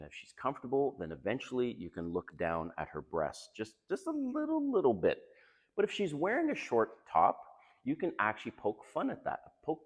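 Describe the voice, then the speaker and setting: A man's voice: fairly low pitch, big-room sound. A man giving casual dating advice in a chatty, confiding way, laughing often. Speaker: dating coach.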